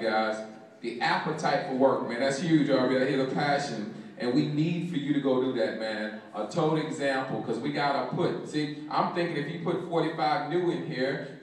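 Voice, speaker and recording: An energetic man emcees a live meeting, pumping up the room and repeating his hype lines. His voice sits a little high. He sounds distant, with heavy echo from the hall. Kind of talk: hyped live emcee talk. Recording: echoey hall from far off.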